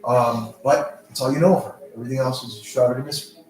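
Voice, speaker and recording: Rambling game master in an echoey room. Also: male voice, mid-range voice, steady tone, quick pace, music in the background. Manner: rambling, loose, with many fillers and restarts. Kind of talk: narrating a tabletop role-play game. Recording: echoey room, mic far off, faint noise.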